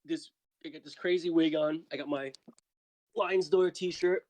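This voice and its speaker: A man co-hosting a casual podcast who tosses out quick, playful quips. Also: a little high, steady tone, a little mellow. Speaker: podcast co-host.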